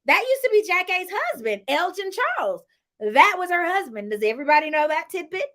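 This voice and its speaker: A woman's voice: very high-pitched, sing-song, brisk, a bit bright. A woman with a Southern accent, chatting casually as she reviews a reality show for her viewers, laughing often and addressing them as y'all. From United States. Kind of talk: casual live review chat.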